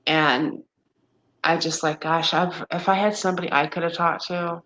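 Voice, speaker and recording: A fiftysomething woman talks with a friend about her exhaustion in a weary, exasperated ramble full of restarts. Her fairly low, fairly bright voice keeps a steady tone and moderate pace, though the audio is poor.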